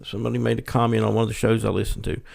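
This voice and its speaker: Gravelly laid-back podcast guy. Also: on the low side, flat delivery, rapid-fire, darkish tone. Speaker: podcast co-host. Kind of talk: casual chat.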